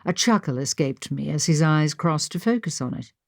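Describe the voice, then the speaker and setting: Woman audiobook narrator, first-person period mystery, lively and expressive, low-set voice. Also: moderate pace, dry recording, studio quality. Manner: expressive storytelling. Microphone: studio microphone.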